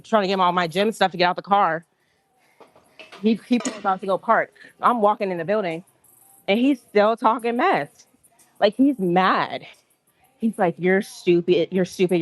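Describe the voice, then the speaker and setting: A woman telling a story on a livestream in an indignant, animated way, acting out what people said. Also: medium pitch, moderate pace, no echo, soft background music. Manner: indignant, animated, acts out quotes. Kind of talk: casual storytelling rant.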